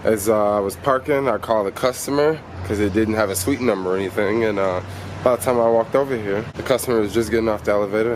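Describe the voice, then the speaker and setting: A man's voice: on the low side, slight background noise. Casual man vlogging from his car. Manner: animated, retells events with quoted dialogue. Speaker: delivery driver vlogger. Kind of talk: casual storytelling vlog. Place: in and around a car in a city.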